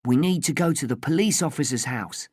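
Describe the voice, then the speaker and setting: A woman's voice: extremely low pitch, animated, brisk, a little mellow, slightly rough, no echo, studio quality, exaggerated voice. A woman reading the lines of a worried young boy in a children's story. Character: young boy, anxious friend.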